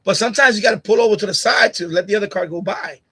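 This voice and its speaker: Bright, husky-voiced man ranting on stream. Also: high-pitched, rapid-fire. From Puerto Rican family, grew up partly in Puerto Rico. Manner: heated, repetitive, confrontational. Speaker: live stream host. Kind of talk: casual live-stream rant to chat. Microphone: USB condenser mic on boom arm.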